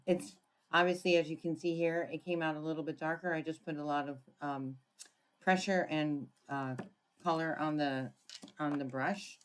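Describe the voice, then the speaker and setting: A woman giving a casual card-making tutorial, chatting and thinking aloud as she works, often clearing her throat. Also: sits low, steady tone, normal speed. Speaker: papercraft demonstrator.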